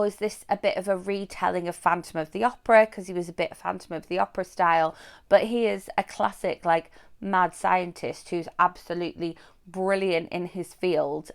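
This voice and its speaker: Woman rambling through a movie review, lowish smooth voice, lots of ums. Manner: chatty, rambling, frequent ums and likes. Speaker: book and film reviewer. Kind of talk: casual spoken review.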